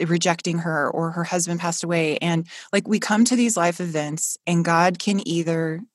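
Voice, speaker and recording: A woman's voice: lowish voice, steady tone, normal speed, no room sound, studio quality. A woman hosting a faith-based podcast, talking in a fervent, encouraging, almost preaching way. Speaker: podcast host.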